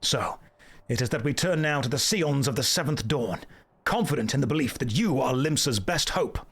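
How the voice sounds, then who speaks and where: A man's voice: medium pitch, animated, normal speed, breathy edge. A man voicing a stately admiral giving a solemn speech in a game cutscene.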